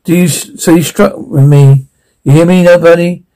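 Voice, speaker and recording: An actor in a TV drama playing a loyal Air Force buddy who talks to his friend at a bedside in a halting, rambling, joking but tender way. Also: fairly high pitch, fairly even intonation, warm tone, lightly acted, poor audio. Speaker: visiting friend. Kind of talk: TV drama acting.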